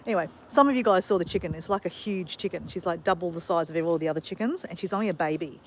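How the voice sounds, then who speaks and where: A woman's voice: on the low side, quick pace, a little hiss or hum. Australian woman, upbeat live-stream chat, outdoors, faint crickets behind. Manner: chatty and upbeat, talking to viewers. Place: outdoors in a backyard with chickens.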